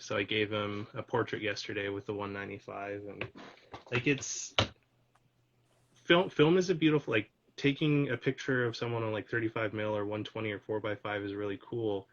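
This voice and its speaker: A man's voice: on the low side, a bit bright. Chatty host man, lo-fi sound. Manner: chatty, storytelling, many "like"s. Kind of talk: casual conversation. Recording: dull lo-fi audio.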